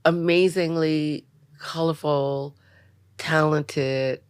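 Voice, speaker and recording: An older woman from Louisiana with a Southern accent, a guest recalling her life in a relaxed, storytelling way. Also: low-pitched, drawn-out words, clear, resonant tone, dry recording, clean studio sound. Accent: Southern American. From Louisiana, USA. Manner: storytelling, warm endearments like "baby". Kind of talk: reflective conversation.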